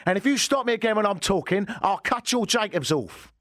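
A man's voice: high voice, animated, fairly bright tone, no echo, clean studio sound, voice pushed up. A man putting on a threatening East End London gangster voice for a comedy radio show. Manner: slow, threatening growl. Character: menacing Cockney gangster boss, man.

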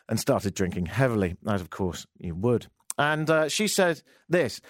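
A man's voice: mid-range voice, brisk, few pauses, dry recording, clean studio sound. Sarcastic man telling a stand-up story. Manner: sarcastic, deadpan asides. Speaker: stand-up comedian.

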